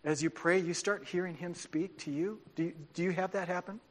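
A man preaching a sermon as pastor, speaking in an animated, informal way with restarts and asides. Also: high voice, a little fast. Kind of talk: conversational sermon.

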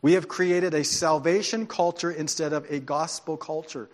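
A man preaching a sermon as pastor, speaking in an animated, informal way with restarts and asides. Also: on the high side, moderate pace. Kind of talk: conversational sermon.

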